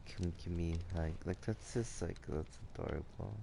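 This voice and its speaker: A sleepy young man streaming a game, chatting to his viewers in a drowsy, drawling monotone with lots of "like" and "dude". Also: sits low, normal speed, creaky, hardly any pauses, noisy background. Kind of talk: casual live-stream chat while gaming.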